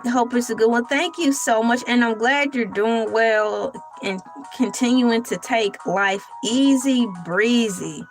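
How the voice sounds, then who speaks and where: A woman's voice: a little high, a little slow, faint music behind. A young adult woman hosting a casual livestream, chatty and laughing often as she talks to her chat. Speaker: livestream host.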